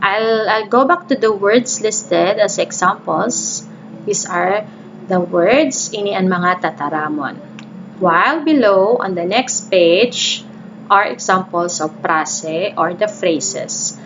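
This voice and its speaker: A woman teacher speaks at an unhurried pace, reading syllables and words aloud for her pupils. Her voice comes through a dull, lo-fi recording. A faint hiss sits underneath. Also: medium pitch, animated, a bit bright. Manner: slow, explains in English mixed with Bikol, reads syllables aloud.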